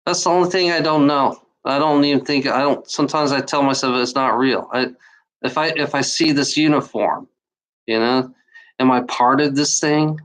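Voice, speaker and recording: A woman from Germany giving an emotional unscripted monologue, out of breath and talking in halting, restarting bursts. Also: extremely low pitch, steady tone. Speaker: channel host.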